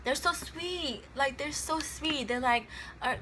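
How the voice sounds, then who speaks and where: A woman's voice: high-pitched, a little slow, background noise. A woman in her twenties, rambling in casual, slangy chat to the camera and often laughing. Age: 20s. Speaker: vlogger.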